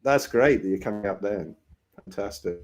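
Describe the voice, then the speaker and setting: A man's voice: lowish voice, moderate pace. A man co-hosting a live Q&A on a video call, joking and bantering with his co-host. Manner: jokey, bantering. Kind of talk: casual live Q&A chat.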